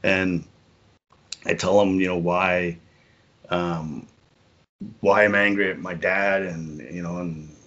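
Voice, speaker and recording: A middle-aged man telling a personal story as a podcast guest, earnest and halting, often repeating words and saying "you know". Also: low voice, fairly even intonation, a bit bright, highs cut off.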